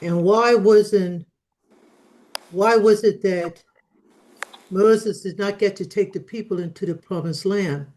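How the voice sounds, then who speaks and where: Slow, earnest woman reasoning aloud. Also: medium pitch, darkish tone, poor audio. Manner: earnest, explaining her reasoning step by step. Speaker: study group participant. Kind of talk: casual religious study discussion.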